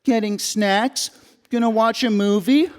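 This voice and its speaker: A man's voice: high voice, fairly even intonation, unhurried, big-room sound. A male stage performer voicing a bratty younger brother who whines back with questions. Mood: cheeky.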